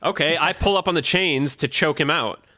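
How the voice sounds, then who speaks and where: Bright eager young male player. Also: a little high, moderate pace. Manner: eager, blunt, laughing. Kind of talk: tabletop game chat.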